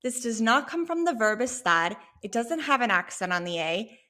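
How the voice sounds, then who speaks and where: A woman teaching a Spanish lesson, explaining a sample dialogue clearly and patiently. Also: on the high side, big pitch swings, sharp tone. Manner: clear, patient, slow when modeling Spanish phrases.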